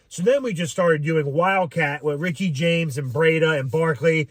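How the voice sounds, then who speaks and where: A man talking through a game reaction in a loose, rambling way, with plenty of filler words and casual cursing. His voice sits a bit high for a man and sounds close and dry, with almost no room around it. He comes across as an off-the-cuff fan commentator. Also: moderate pace, few pauses, no room sound. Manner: rambling, frequent "um", swears freely.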